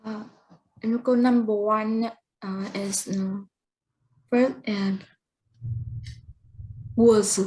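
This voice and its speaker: A woman's voice: mid-range voice, steady tone, darkish tone, rough recording. A woman student with a Vietnamese accent, answering hesitantly on a video call. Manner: hesitant, with long pauses.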